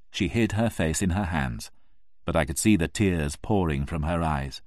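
A man narrating a story in the first person, in an expressive, emotional storybook reading. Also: deep voice, moderate pace, dry recording, studio quality.

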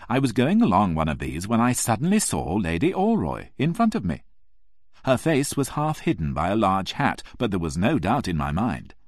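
A very low-voiced man tells the story in the first person, reading with emotion. His pitch rises and falls widely. The recording is dry and close, with no room around it. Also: no room sound. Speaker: narrator.

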